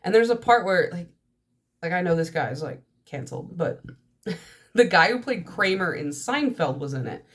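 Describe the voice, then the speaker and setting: A woman's voice: lowish voice, expressive, moderate pace. A young woman with a stuffy, nasal voice from allergies, rambling nonstop in casual chat to her camera while vlogging. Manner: chatty stream-of-consciousness talk. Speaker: nail polish vlogger.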